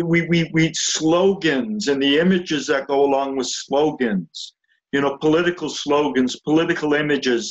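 A man explains ideas to an online group, speaking slowly and thoughtfully at an ordinary pitch. He often circles back and restarts phrases as he thinks. The sound is a little dull and muffled. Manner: slow, reflective, with frequent restarts. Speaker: group leader teaching spiritual ideas. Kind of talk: unscripted talk with read-aloud passages. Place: a room with chairs and a sofa.

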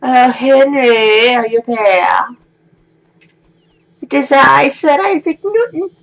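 A man putting on the voice of a pompous olde English gentleman in a high theatrical voice. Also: animated, slow, vocal fry, muffled recording, heavily acted. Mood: grandiose.

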